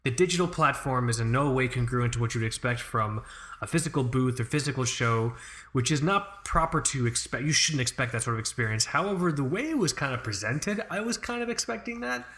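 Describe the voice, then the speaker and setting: Young male co-host, profane, animated rant, mid-pitched voice. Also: fairly quick. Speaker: podcast co-host. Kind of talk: casual chat.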